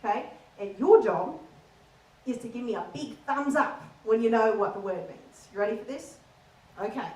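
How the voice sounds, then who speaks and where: A woman's voice: a little high, lively intonation, moderate pace, warm tone, echoey room, far from the mic, rough recording. A woman doing a stand-up comedy set in an Australian accent, playful and teasing the audience in a comedy theater.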